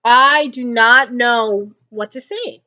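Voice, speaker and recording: A woman's voice: fairly high pitch, slow pace, bright, forceful tone, lo-fi sound. A woman vlogger rambling emotionally about a film she just saw, repeating herself often. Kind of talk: casual movie reaction ramble.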